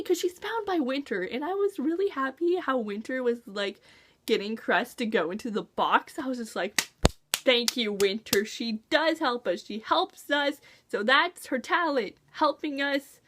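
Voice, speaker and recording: A high-pitched woman chatting about a book with a gushing, excitable energy. Her voice swings widely up and down as she acts out her own reactions. It sounds like a relaxed, casual review. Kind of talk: casual chat.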